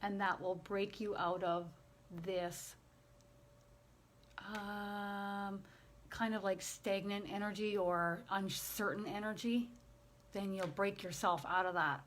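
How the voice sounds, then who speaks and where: Woman medium, unhurried and tender, relaying spirit messages. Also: medium pitch, fairly even intonation, slight background noise. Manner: slow, gentle and emotional, relaying messages. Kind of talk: channeling session.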